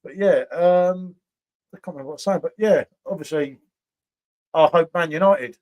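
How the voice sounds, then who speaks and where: A man's voice: a little high, normal speed, lo-fi sound. A man hosting a casual beer review livestream, chatting with viewers by name and tagging questions onto his sentences. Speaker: beer review channel host.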